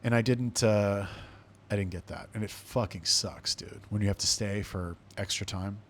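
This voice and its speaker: A man with a somewhat low voice tells a story on his podcast in loose, conversational monologue. He speaks bluntly, swears freely and keeps a casual, offhand tone. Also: moderate pace, fairly bright tone, a little hiss or hum. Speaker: podcast host.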